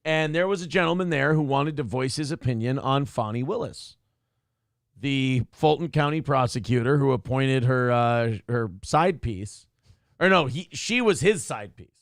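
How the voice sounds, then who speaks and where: A man's voice: mid-range voice, moderate pace, dry recording, studio quality. A man co-hosting a talk show, chatting casually and profanely with sarcastic, mocking asides. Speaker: morning show co-host.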